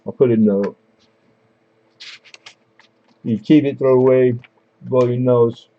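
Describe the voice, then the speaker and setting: A man's voice: medium pitch, steady tone, a little slow, narrow, tinny audio. A man hosting a live coin auction stream, calling bids in a casual, joking, chatty way.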